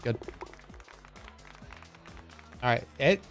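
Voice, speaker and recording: A man's voice: extremely slow, fairly bright tone, faint music behind. A man in his thirties giving casual, jokey gameplay commentary as a streamer, often sounding incredulous.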